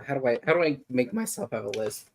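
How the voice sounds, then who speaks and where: A man reading out his rolls in a casual tabletop game, hesitating and filling gaps with ums. His voice swings widely in pitch, lively even when he trails off. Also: fast. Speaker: player.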